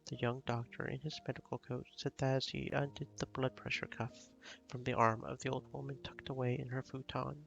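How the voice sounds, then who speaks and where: A man reading a visual novel aloud as a live stream, in measured, steady storytelling. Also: mid-range voice, creaky, muffled recording, soft background music.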